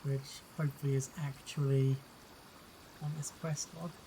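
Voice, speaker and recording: A man narrating a tabletop game as game master in a measured, descriptive way. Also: medium pitch, flat delivery, warm tone, slight background noise, low-quality recording.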